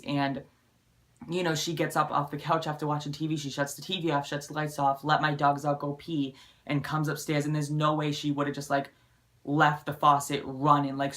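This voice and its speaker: A man's voice: a little high, fairly bright tone. A young man vlogging, telling a story in a rambling, emphatic way, filling nearly every phrase with "like" and swearing for emphasis. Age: young adult. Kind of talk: casual storytelling to camera.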